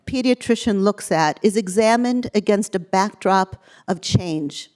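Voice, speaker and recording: A woman's voice: mid-range voice, darkish tone. A middle-aged woman giving a eulogy at a funeral service, reading aloud and laughing as she goes. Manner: amused, laughing through the reading. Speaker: eulogist, daughter of the deceased.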